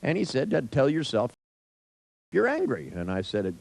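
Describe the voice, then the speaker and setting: A man's voice: medium pitch, sing-song, brisk, vocal fry, darkish tone, dry recording, rough recording. An older man telling a rambling personal anecdote in a wry, profane way, with many restarts and asides.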